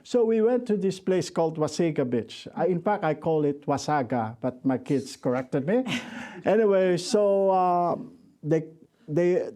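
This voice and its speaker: Middle-aged man, high and mellow. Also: measured pace. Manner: joking, self-deprecating storyteller with many restarts. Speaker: conference workshop co-presenter. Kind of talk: conference workshop talk.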